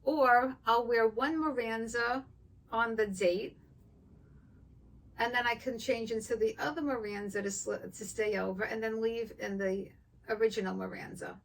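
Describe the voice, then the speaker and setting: A woman's voice: a little high, gravelly, far from the mic, slight background noise, poor audio. An older woman vlogger chatting casually with her viewers and telling a story, acting out both sides of it. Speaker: wig vlogger.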